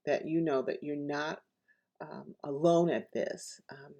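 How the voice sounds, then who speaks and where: A woman author reading her own poem, then gently walking listeners through self-care practices with many pauses and fillers. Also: sits low, steady tone, gravelly, dull audio. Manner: repeats lines slowly and softly.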